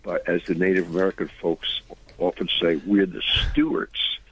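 Deep husky older man telling stories. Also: fairly even intonation, normal speed, low-quality recording. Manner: earnest, rambling, preachy anecdotes. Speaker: radio guest, musician. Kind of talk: conversational storytelling.

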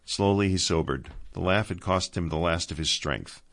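Deep-voiced male audiobook narrator. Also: moderate pace, a bit bright.

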